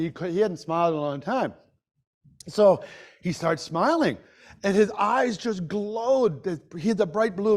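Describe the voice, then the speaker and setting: A middle-aged man speaking at a grief workshop, telling a personal story in a halting, emotional way with many restarts. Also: sits high. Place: medical center presentation room.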